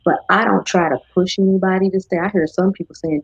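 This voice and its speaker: Husky-voiced woman host, chatty. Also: lowish voice, quick pace, no echo. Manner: chatty, animated when quoting others. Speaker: host of a live cooking stream. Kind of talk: casual chat. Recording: dull lo-fi stream audio.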